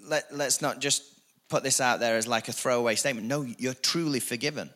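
A male pastor with a bright, forceful voice delivers a lively sermon. He repeats key phrases for emphasis and drops in casual asides. He speaks to a church congregation. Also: medium pitch, a little fast. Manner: energetic, repetitive preaching with rising emphasis and asides.

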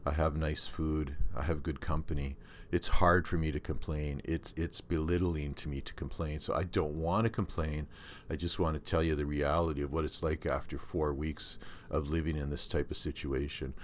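Very deep-voiced older Canadian man. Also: fairly even intonation, moderate pace, slight background noise. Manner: rambling, with many restarts and fillers. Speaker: podcast host. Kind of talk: casual monologue.

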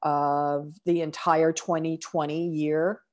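Her voice is low and slightly mellow, and her delivery flat, as this middle-aged woman hosts an inspirational podcast. She talks slowly and earnestly with emotion, pausing to sigh and starting over.

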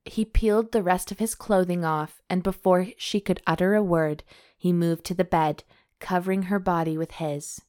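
A woman's voice: on the low side, fairly even intonation, normal speed, darkish tone. A woman host steadily reading a romance novel aloud.

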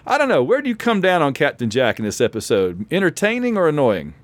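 A man's voice: a little high, huge pitch swings, fast talker, no room sound. A man hosting a podcast in casual chat over an online call, laughing often and restarting his sentences. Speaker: podcast host.

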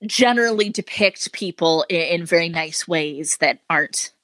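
A woman's voice: fairly low pitch, normal speed, fairly bright tone, dry recording. A woman co-hosting a podcast in casual chat, chatty with wry asides. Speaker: podcast co-host.

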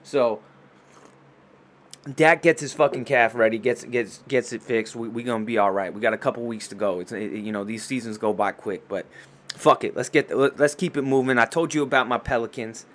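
A man hosting a casual sports show, talking fast and loose with lots of swearing and trash talk. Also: medium pitch. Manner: profane, excitable trash talk.

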